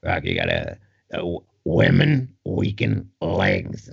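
A man imitating a grouchy old male boxing trainer, slow and gravelly. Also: low-pitched, wildly swooping pitch, voice pushed down, full character voice. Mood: gruff. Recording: dull lo-fi sound.

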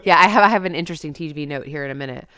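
Chatty woman co-host, smooth and dry. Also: deep voice, no room sound. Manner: chatty, animated, quick asides. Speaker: podcast co-host. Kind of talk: casual chat.

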